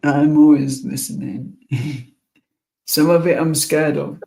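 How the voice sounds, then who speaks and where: A tired man chatting casually on a live stream, giving calm, dry, short replies. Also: a little high, slow, vocal fry, low-quality recording.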